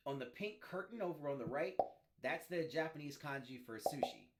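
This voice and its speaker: A man hosting a reaction video in a casual, chatty way. His voice sits a bit high and swings widely in pitch. He keeps a lively, upbeat tone. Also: a little fast. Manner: upbeat, talkative, laughs often.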